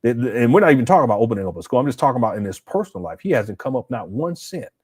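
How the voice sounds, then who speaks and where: A man's voice: mid-range voice, big pitch swings, very fast, husky. Chatty man hosting a live stream. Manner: talks off the cuff, stammers and repeats words; reads viewer comments aloud and reacts. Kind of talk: casual live stream commentary. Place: home setup.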